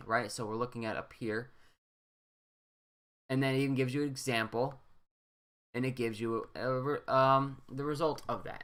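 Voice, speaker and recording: A man's voice: medium pitch, sharp tone. A young man walking students through a coding lesson in a casual, rambling way, often checking in with "right?". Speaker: teacher. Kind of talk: screen-recorded coding walkthrough.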